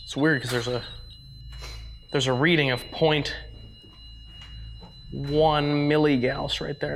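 A man's voice: fairly high pitch, creaky. A man hosting a paranormal investigation, talking through his readings with a nasal, stuffed-up voice from allergies. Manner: excited, narrating readings aloud. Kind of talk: ghost-hunting commentary.

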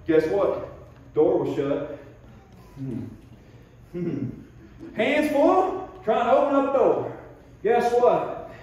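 A man's voice: high-pitched, mellow, recorded from a distance. A man preaching a sermon as pastor, telling homespun stories and drawing out his main points with heavy emphasis. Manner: folksy storytelling preacher, drawn-out emphatic points. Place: church sanctuary. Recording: very echoey church, voice from off mic.

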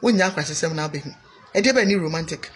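A woman's voice: sits low, lively intonation, a little fast, noisy background. A Ghanaian woman giving a scolding, preachy monologue on marriage, repeating phrases for emphasis. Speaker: vlogger giving marriage advice. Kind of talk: opinionated monologue.

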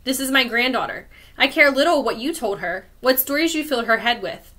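Coaxing cold old queen, storybook villain, woman reading it, kinda high. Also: animated, a little fast, pushed and bright, exaggerated voice. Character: calm, cold old wicked queen grandmother.

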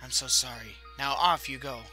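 A man voicing a gentle, sorrowful young princess for a video game playthrough, raising his pitch to plead. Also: moderate pace, music in the background, lightly acted. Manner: pleading, raised-pitch delivery.

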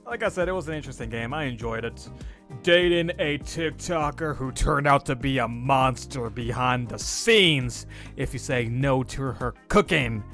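A man giving let's play commentary on a horror game, excitable and prone to panicky yelps. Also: medium pitch. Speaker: gaming YouTuber.

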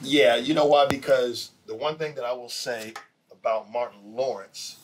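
A middle-aged man, a TV writer and producer, telling backstage stories in a relaxed, animated way, laughing as he goes and acting out the people he quotes. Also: mid-range voice, moderate pace, noisy background. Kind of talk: casual anecdotal storytelling.

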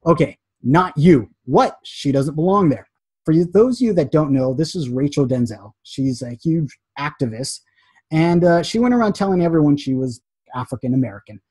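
Chatty design teacher, male, slightly high voice with a husky edge. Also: moderate pace, dry recording. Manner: chatty and animated, acts out quotes. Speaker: graphic design instructor. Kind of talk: casual recorded lesson.

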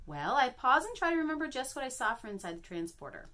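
A woman reading a children's chapter book aloud in an expressive, storytelling way. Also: high voice, fast, few pauses. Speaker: reader at a school.

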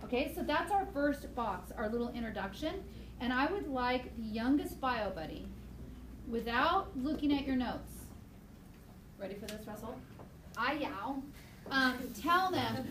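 Chatty woman biology teacher, fairly high voice. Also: a little slow, noisy background. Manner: chatty, animated storytelling, talks to students directly. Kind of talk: classroom lecture with personal stories. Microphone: iPad screencast recording.

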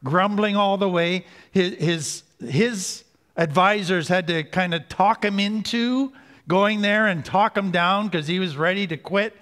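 A man giving an earnest teaching talk on recovery, slowing down to stress key points. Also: high-pitched, fairly bright tone. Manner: earnest, slows down for emphasis. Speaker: recovery speaker. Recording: hall reverb.

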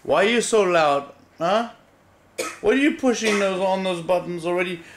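Father gently scolding his baby, noisy camcorder. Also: high voice, normal speed. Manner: playful, gently scolding, repeats words. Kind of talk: home video, talking to a baby. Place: at home, indoors. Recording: noisy home camcorder recording.

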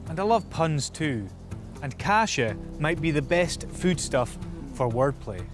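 A Scottish man presents a language lesson out on location, full of cheeky puns. His voice sits a little high. Music plays clearly behind him. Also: slow. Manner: jokey, punning, lively. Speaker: presenter teaching words on location. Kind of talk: playful pun-filled presenting.

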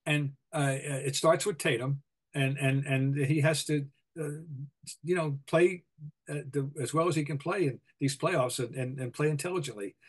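An older man with a Boston accent, co-hosting a sports podcast, opinionated and full of halting restarts. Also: on the high side, fairly even intonation, slightly rough. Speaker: podcast co-host, basketball writer. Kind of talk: casual sports talk.

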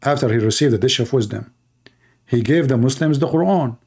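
A man's voice: medium pitch, fairly quick, darkish tone, breathy edge. A man in a live-streamed religious debate, mocking and sarcastic, who laughs at his own jabs, reads passages aloud and acts out the voices he quotes, speaking English with non-native grammar. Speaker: online debater.

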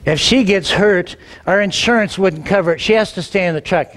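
A middle-aged man, a pastor, telling a personal story in a sermon, animated and acting out the dialogue, often repeating words as he gets going. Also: high voice, brisk. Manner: animated, acts out quoted dialogue, repeats words when excited.

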